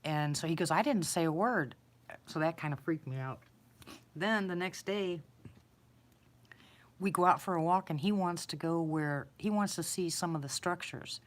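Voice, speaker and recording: A woman's voice: fairly low pitch, moderate pace. A woman casually telling a personal story, rambling, repeating herself and chuckling. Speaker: eyewitness storyteller.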